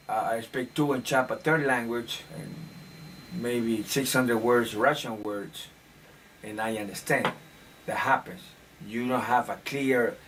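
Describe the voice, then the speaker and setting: A man's voice: mid-range voice, fairly bright tone, a little hiss or hum. Opinionated man rambling off-mic. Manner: opinionated, rambling, with filler restarts. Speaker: commentator. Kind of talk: casual monologue on current events. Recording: distant mic, faint room ambience.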